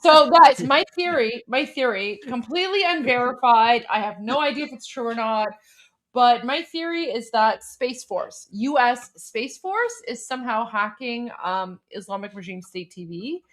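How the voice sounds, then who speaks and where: A woman from Iran co-hosting a casual live stream, talking in an excitable, exclamatory way. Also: a little high, moderate pace. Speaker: co-host.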